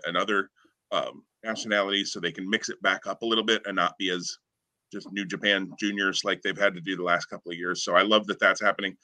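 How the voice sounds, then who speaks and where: A man's voice: deep voice, pushed and bright. A man co-hosting a podcast in casual chat, rambling and enthusiastic with lots of fillers. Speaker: podcast co-host.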